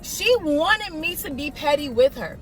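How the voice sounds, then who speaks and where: High-voiced woman telling a lively story. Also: unhurried, faint music behind. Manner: animated storytelling, mimics others in quotes. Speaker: vlogger. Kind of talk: storytime vlog.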